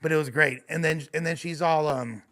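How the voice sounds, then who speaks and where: A man with a somewhat high voice tells a rambling story on a podcast. He swears constantly and talks in an animated way. The delivery is loose and casual. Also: fairly quick. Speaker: podcast guest.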